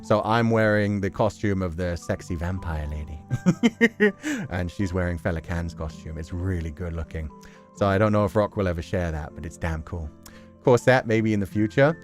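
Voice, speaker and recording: A man chatting casually on a live stream, reacting to fan art and laughing often. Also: fairly low pitch.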